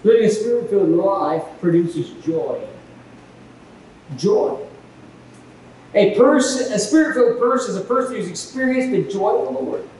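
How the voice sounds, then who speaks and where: A man preaching a sermon as pastor, animated in his storytelling and acting out quoted exchanges. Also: high voice, normal speed, pauses often. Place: church hall. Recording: echoey hall from far off, faint noise.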